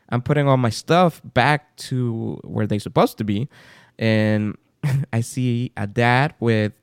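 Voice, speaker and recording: A man's voice: medium pitch, smooth, no room sound, studio quality. A man co-hosting a podcast, telling a story in a casual chat and acting out the people in it. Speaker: podcast co-host.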